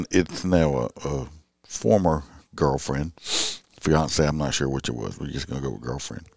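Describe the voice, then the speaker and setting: Very deep-voiced man rambling. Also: a little mellow, no room sound, studio quality. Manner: rambling, halting, many fillers and restarts. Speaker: police officer vlogger. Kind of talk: casual late-night monologue.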